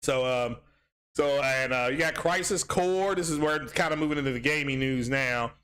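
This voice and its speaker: A man's voice: mid-range voice, moderate pace, fairly bright tone, clean tone. A man hosting a casual gaming livestream, rambling with many ums and restarts as he reads chat aloud.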